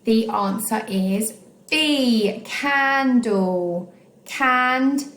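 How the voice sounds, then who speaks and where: Woman teacher, slow clear speech, sounding out syllables, roomy echo. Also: mid-range voice. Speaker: primary school teacher. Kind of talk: recorded online phonics lesson.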